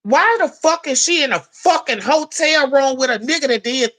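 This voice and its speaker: In a blunt, profane commentary rant, a woman vlogger scolds relentlessly. Her slightly high voice is bright and forceful, and her pace is moderate.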